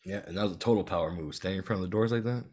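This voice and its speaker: A man chatting as a guest on a podcast in a relaxed way, laughing often and swearing casually. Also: low-pitched, rapid-fire. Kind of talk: casual chat.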